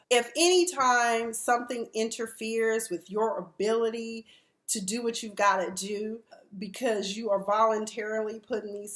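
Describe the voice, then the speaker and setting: Blunt woman in her 40s running down reality tv drama, cusses freely, acts out the people she talks about, mid pitch, roomy echo. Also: fairly bright tone. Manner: blunt, candid, profane, mimics the people she discusses. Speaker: reality TV recap vlogger. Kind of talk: casual commentary.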